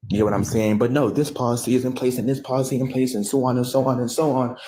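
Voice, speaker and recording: Man, American, casual ranting commentary, profane, rambling, mid pitch. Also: fairly even intonation, quick pace, dark tone, a little hiss or hum, poor audio. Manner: rambling, profane, self-correcting. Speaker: reaction commentator.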